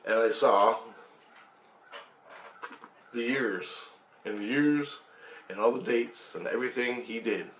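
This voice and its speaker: A man's voice: medium pitch, slow pace, pauses often, fairly bright tone. A man intensely recounting a personal experience, emphatic, swearing and making sound effects as he tells it. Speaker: storyteller. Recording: roomy sound with faint background noise.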